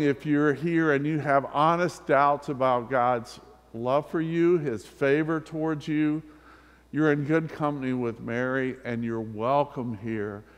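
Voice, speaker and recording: An older man preaching a sermon in a church, talking conversationally and acting out quoted lines with a light laugh. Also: mid-range voice. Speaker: pastor. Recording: long hall reverb.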